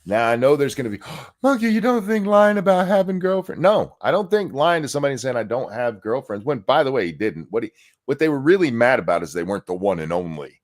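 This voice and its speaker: Co-host, middle-aged man, lively swinging pitch, opinionated rant. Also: quick pace. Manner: animated, opinionated ranting. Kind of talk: casual podcast chat.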